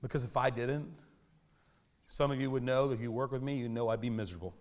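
A man preaching a sermon in a church, animated and conversational, with self-deprecating humor. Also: mid-range voice, fast talker, slight background noise. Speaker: pastor. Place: church sanctuary.

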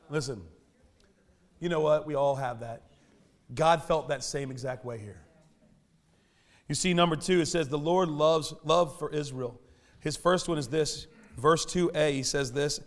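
A man delivers a sermon in a church, his voice sitting a little higher than most. He preaches in a lively, conversational way, often joking at his own expense. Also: normal speed, pauses often. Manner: animated, conversational preaching with self-deprecating humor. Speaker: pastor. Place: church sanctuary.

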